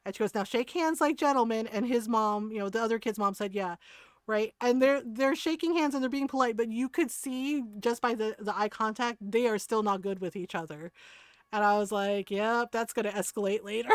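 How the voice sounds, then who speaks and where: High-voiced woman telling a story. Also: brisk, dry recording. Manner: animated, laughs often, quotes others in lowered voices. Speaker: streamer. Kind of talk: casual storytelling to chat.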